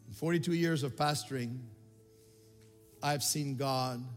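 An older man from Quebec preaching a sermon as a pastor, passionate and stammering, swinging from loud pleas to hushed storytelling. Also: mid-range voice, in a large hall.

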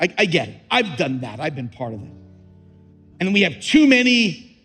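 Fervent high-voiced male preacher. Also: sing-song, measured pace, long pauses, a bit bright, long reverb tail, soft background music. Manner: preaching with rising fervor, repeats key lines. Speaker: pastor. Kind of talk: sermon.

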